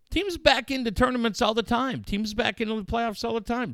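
A middle-aged man hosting a casual radio chat. He gets excited, swears freely and acts out quotes with big jumps in pitch. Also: fairly quick, no echo, clean studio sound. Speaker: radio show host.

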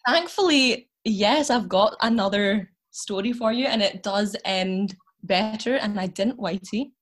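A woman's voice: mid-range voice, unhurried. A Scottish woman in her twenties, a podcast guest telling stories in casual chat, talking loosely with lots of fillers and frequent laughter. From Scotland.

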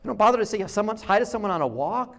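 A middle-aged male pastor with a high-pitched voice preaches to his congregation. He talks in a loose, conversational way, telling stories and voicing people's thoughts as he goes. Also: racing. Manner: conversational, animated storytelling with acted quotes. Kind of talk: sermon.

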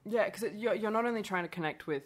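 A woman's voice: mid-range voice, fast talker. A woman from Brazil whose first language is Portuguese, a guest chatting casually on a podcast and laughing often.

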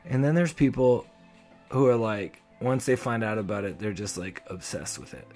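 A man's voice: lowish voice, moderate pace. A man hosting a solo comedic podcast, talking in a wry, rambling, self-deprecating way. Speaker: podcast host. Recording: faint music playing behind. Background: soft background music.

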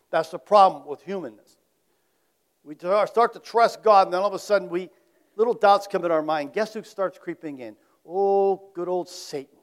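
A man with a high voice preaches to his congregation in an easy, talking manner. He keeps turning to the crowd with rhetorical questions, then lets his voice fall to a soft "isn't it?". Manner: conversational, asks the audience rhetorical questions; varies loudness, dropping to quiet tag questions. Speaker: pastor. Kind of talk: sermon.

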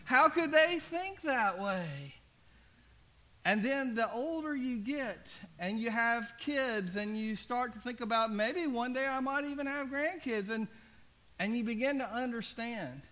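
Man, pastor, sermon, high voice, earnest conversational delivery, goes quiet for emphasis. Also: a little slow. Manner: conversational, earnest, often drops soft and low for emphasis.

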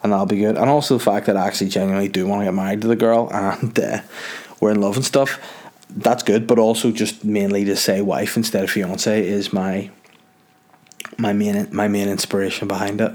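Young Northern Irish man, slightly low voice, for a loose, self-mocking solo podcast monologue. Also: little pitch movement, a little fast, a little mellow. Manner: rambling, jokey, self-mocking. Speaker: podcast host. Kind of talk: casual solo chat.

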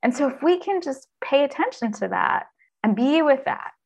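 A woman who coaches executives, talking in an earnest, expressive way as a guest in a conversational interview. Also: high voice, moderate pace, gravelly, highs cut off. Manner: earnest and expressive, acts out inner voices.

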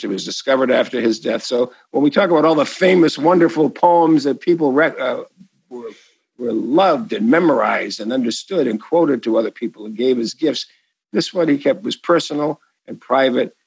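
A man's voice: mid-range voice, expressive, moderate pace, husky, dry recording, low-quality recording. A man with a Boston accent, an author answering an interview question in a rambling, enthusiastic way full of asides and restarts.

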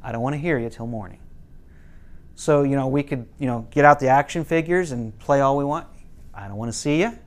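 Man teaching a parenting class. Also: fairly quick. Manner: casual, quotes parents and kids in lowered voices, some restarts.

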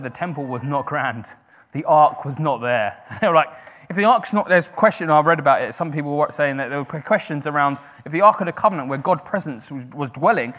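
A man preaching to his congregation, his voice sitting a little higher than most men's. He drops to a near hush to stress a promise, then climbs loud and high as he urges his listeners on. He catches and corrects himself mid-sentence with a quick laugh. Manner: swings from hushed, slow emphasis to loud, rising exhortation; self-correcting, with brief laughs. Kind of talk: sermon.

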